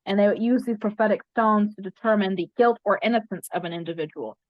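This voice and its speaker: Talking quickly in a medium-pitched voice, a woman interviewee earnestly recounts a spiritual experience, repeating phrases to stress her points. The sound is dry, slightly muffled, and free of echo.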